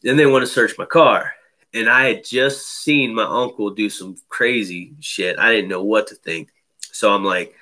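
A man's voice: on the low side, moderate pace, sharp tone. A man telling a personal story in casual chat, loose and profane, full of fillers. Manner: loose, profane, many fillers like "you know".

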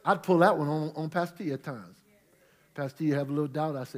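A middle-aged male pastor preaching, swinging from quiet storytelling to loud, shouted praise. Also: fairly high pitch, quick pace. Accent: St. Louis Black American Southern-tinged. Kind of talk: preaching a Bible study sermon. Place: church sanctuary with congregation.

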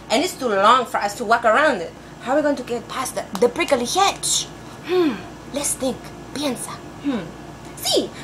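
A woman's voice: sits high, a bit bright, slight background noise. A woman playing a sing-song, overeager teacher. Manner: sing-song teacher voice, drawn-out words, sprinkles Spanish phrases. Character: overeager female teacher persona, adult, playful. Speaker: pretend class teacher. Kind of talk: comic storybook read-aloud.

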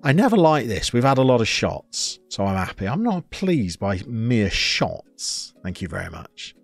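Brief: streamer, mid-pitched, chatty, talks through game play over faint background music. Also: male voice, very animated, measured pace, gravelly. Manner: chatty, reacts loudly to play, greets chat. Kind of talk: live game commentary.

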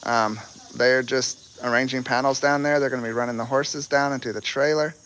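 Man, bright tone, loose folksy livestream chatter. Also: mid-range voice, steady tone, brisk, slight background noise. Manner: folksy, rambling, many ums and restarts. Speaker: horse rescue livestreamer. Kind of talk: casual rambling live chat.

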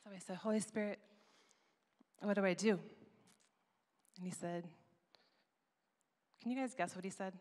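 A woman giving a sermon at a conference, telling a story with lively, acted-out asides. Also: medium pitch, a little slow, long pauses. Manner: animated storytelling, acts out her own past voice. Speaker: conference speaker. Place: church auditorium. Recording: long reverb of a large hall.

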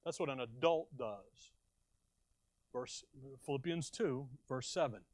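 Delivering a sermon slowly, this American man questions his congregation and supplies the answers himself, dramatizing quoted voices with sharp jumps in volume. His pitch is medium and the recording is dry.

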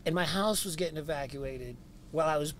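A man from Canada with a high, raspy speaking voice, telling stories in casual chat and swearing freely. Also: a little fast, a bit bright. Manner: swears freely, jumps into voices mid-story. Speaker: podcast guest. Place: inside a van. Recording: faint noise in a vehicle.

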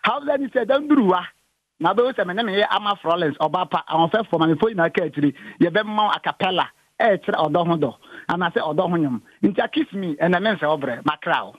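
A man calling in to a radio show, sending greetings and praise in an excitable way. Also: high-pitched, quick pace, breathy edge, no room sound, dull audio. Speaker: caller.

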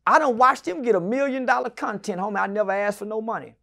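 A man in his forties telling stories as an interview guest, loud and profane, often shouting and then dropping into low muttered asides. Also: quick pace, gravelly. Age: 40s. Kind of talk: animated storytelling in an interview.

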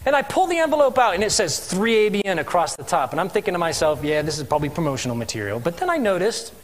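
A man telling his missionary story as a sermon testimony in a church, animated and asking the congregation questions. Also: high-pitched, fast. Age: adult with three children. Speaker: missionary speaker.

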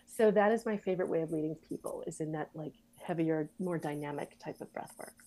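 A woman who writes, acts and leads breathwork, speaking as an interview guest in an earnest, thoughtful way that is quick to laugh. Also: sits low, mellow, rough recording. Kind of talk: interview conversation.

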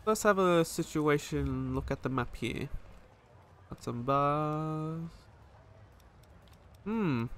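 A man's voice: a little high, animated, takes it slowly, pauses often, fairly bright tone, a little hiss or hum. Chatty man narrating his gameplay. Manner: chatty, reacting to the game as he plays. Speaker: let's play gamer. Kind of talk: casual gameplay commentary.

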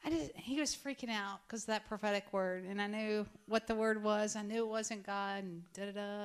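A woman evangelist preaching and chiming in during a church talk, brisk and teasing. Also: medium pitch, steady tone, clear, resonant tone. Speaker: evangelist, co-minister.

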